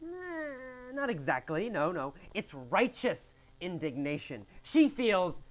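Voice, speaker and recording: Male English teacher, slow, exaggerated Q&A storytelling, muffled lo-fi audio. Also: high voice, very animated. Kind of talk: question-and-answer story lesson.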